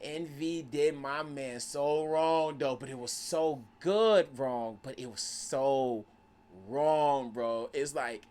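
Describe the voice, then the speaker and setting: A man chatting casually on a podcast, an excitable, slangy storyteller. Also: mid-range voice, takes it slowly. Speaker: podcast host or guest.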